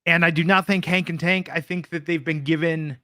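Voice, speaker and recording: A man's voice: a little high, fairly even intonation, brisk, pushed and bright, dry recording. A man co-hosting a wrestling podcast in casual chat, dry and wry, with hesitant fillers. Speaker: podcast co-host.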